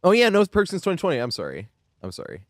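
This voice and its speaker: A man's voice: sits high, huge pitch swings, fast, no room sound, clean studio sound. A young man streaming a game live, chatting loosely with frequent laughs and casual swearing. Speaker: gaming streamer.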